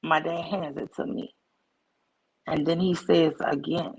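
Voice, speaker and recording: A woman livestream host telling a personal story to her chat in a casual, animated way, acting out the voices in it. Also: low-pitched, a little slow, vocal fry, pauses often, husky, low-quality recording. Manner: animated, acts out quoted voices.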